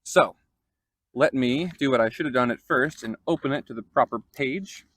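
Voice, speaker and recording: Male host for a casual Bible teaching vlog, mid-pitched, dry close sound, loose and chatty. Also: moderate pace, fairly bright tone, dry recording. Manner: conversational, with fillers and self-corrections.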